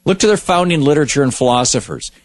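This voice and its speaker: A man's voice: fairly high pitch, lively intonation, fast talker, no echo. A man hosting a talk show who delivers political commentary in an emphatic, storytelling way. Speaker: radio talk show host.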